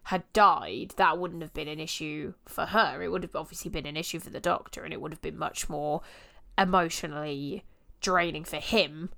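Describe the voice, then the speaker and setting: Animated young woman, lowish voice. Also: moderate pace, creaky. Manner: animated, acts out scenes in quoted voices. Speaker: podcast co-host. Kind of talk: casual chat.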